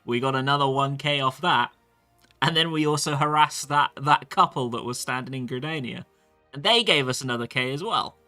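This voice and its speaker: A man streams a game, chatting casually and answering chat as he plays. His voice is bright and forward, and faint music runs underneath. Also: mid-range voice, fairly quick. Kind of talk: live-stream gameplay commentary.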